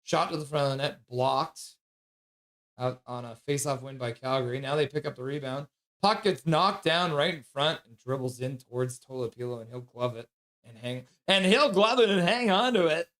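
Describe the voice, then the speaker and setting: A man calling hockey play-by-play on a fan livestream, brisk on the action and joking while reading chat. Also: mid-range voice, steady tone, a bit bright. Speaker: play-by-play caller.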